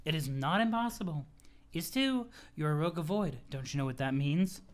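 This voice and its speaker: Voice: mid-range voice, lively intonation, fairly quick, pitched below the performer's own voice, natural voice. A streamer voicing a pompous, domineering young woman who gives haughty orders. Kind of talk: reading a webcomic aloud with voices.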